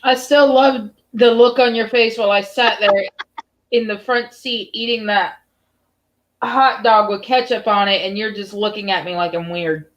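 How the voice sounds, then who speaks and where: A woman's voice: mid-range voice, fairly even intonation, measured pace, poor audio. Teasing woman, faint background noise. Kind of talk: casual chat.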